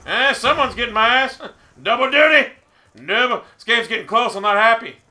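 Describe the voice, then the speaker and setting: Wysoki, jasny męski głos wściekłego gracza. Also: male voice, very high-pitched, normal speed. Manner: swearing rant, often shouting. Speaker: video game player. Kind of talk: angry gameplay commentary.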